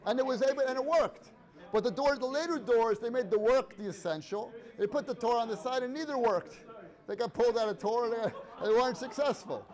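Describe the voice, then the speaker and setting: A man teaches a relaxed Torah class. He tells his stories in a chatty way and acts out the characters' quoted lines. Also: very high voice, a little fast. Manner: conversational, storytelling with Hebrew and Yiddish-inflected terms, acts out quotes.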